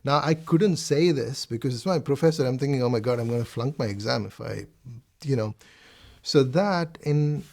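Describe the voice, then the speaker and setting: A man's voice: medium pitch, normal speed, vocal fry, darkish tone. A middle-aged man from South India with a South Indian accent, reflectively giving a personal testimony, hesitating and restarting often. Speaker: interviewee.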